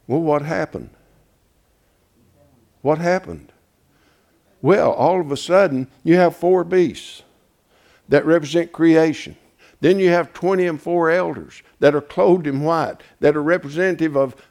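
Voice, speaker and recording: A man preaching a fiery sermon, swinging from shouted, tearful peaks to low, quiet stretches. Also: vocal fry. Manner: rising to shouted, tearful crescendos, then dropping low.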